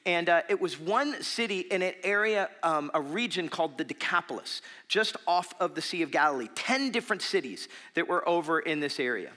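Man, pastor, sermon in a church, high voice, animated storytelling, earnest. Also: fairly quick, hardly any pauses. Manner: animated storytelling with fillers, then softer and earnest.

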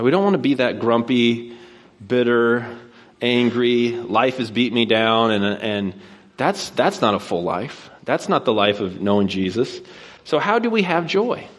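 Male pastor with a medium-pitched voice, preaching from a stage in an easygoing, anecdotal way that builds into rhetorical questions. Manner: conversational storyteller, asks repeated rhetorical questions. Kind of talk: sermon with personal anecdote.

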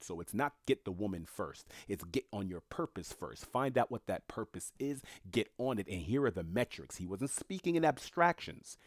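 Male commentator, low and dry, blunt and emphatic, talks straight to camera. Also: sing-song, moderate pace, few pauses, no echo. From Haitian family. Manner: blunt, emphatic, repeats himself. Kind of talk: casual monologue commentary.

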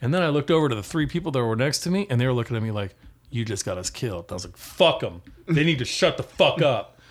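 A man in casual chat, cursing constantly and telling heated, animated stories. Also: mid-range voice, fast. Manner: profane, heated storytelling.

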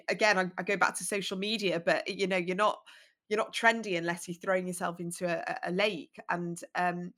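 A woman podcast host chatting with her guest in an animated way, full of "like" and "you know". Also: lowish voice. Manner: chatty, animated, many fillers. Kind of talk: casual interview chat.

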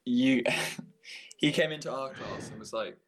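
A man's voice: medium pitch, measured pace. Laid-back young man chatting. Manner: laid-back, laughs often, swears. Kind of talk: casual podcast chat.

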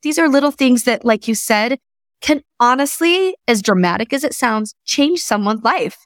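A woman in her thirties hosting a casual chat, animated and full of fillers. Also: fairly high pitch, normal speed, dry recording, studio quality. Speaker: host.

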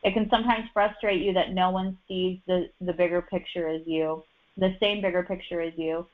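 A woman gives a casual human design reading, chatty and packed with fillers and restarts. Her voice is lowish with fairly even intonation at normal speed, and the recording sounds dull and lo-fi.

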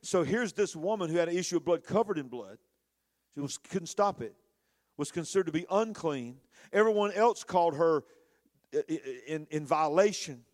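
A man preaches with fervor, dropping to near-whispers and then climbing loud and high as the story builds. His voice sits a bit higher than most men's. His rhythm is urgent, and he addresses the congregation directly. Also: expressive, moderate pace. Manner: passionate, swinging between hushed and loud. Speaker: pastor. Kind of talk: sermon.

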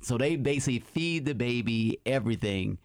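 A man's voice: mid-range voice, animated, fairly quick, no room sound. A man in casual chat, stumbling over his words while recounting a news story.

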